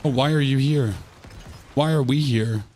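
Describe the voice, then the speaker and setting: A man livestreaming a game with a hoarse, sick voice. He rambles and jokes straight to his viewers, often stammering and restarting his sentences as he goes. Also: medium pitch, measured pace, a little mellow, a little hiss or hum. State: hoarse from illness. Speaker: streamer. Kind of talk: live gameplay commentary.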